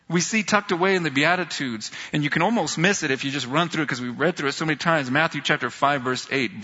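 A man on a church's staff preaching a sermon, telling stories earnestly and slowing down when he reads scripture. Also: breathy edge. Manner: earnest, storytelling, rises in pitch when excited, slows for scripture. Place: church sanctuary. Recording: dull sound in a reverberant hall.

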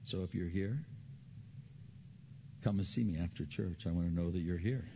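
A middle-aged man preaching a sermon as pastor. He tells stories earnestly, repeats his key phrases, and his pitch climbs when he gets animated. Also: moderate pace. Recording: slightly dull recording with faint background noise.

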